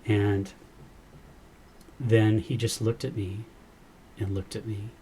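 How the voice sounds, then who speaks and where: A man's voice: lowish voice, flat delivery, slow, mellow, a little hiss or hum. A man, a podcast guest, earnestly recounting a personal experience and quoting the dialogue as he goes. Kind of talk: personal storytelling in a podcast interview.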